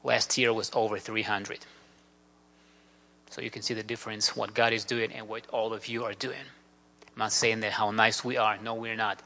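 Male missionary, bright, forceful delivery, earnest and grateful storyteller, long hall reverb. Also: lowish voice, level tone, normal speed, gravelly. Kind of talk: church mission presentation with slides.

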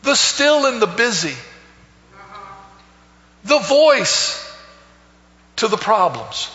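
A man preaching a sermon, swinging between soaring loud calls and hushed low phrases and repeating words. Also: sing-song, moderate pace. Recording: echoey hall, dull lo-fi sound.

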